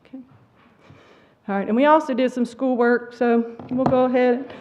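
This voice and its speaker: A woman's voice: high-pitched, fairly even intonation, moderate pace. A middle-aged woman teacher speaking at a church school awards service, emotional and trying not to cry. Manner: emotional, near tears. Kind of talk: award ceremony speech. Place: church sanctuary. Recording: dull lo-fi sound.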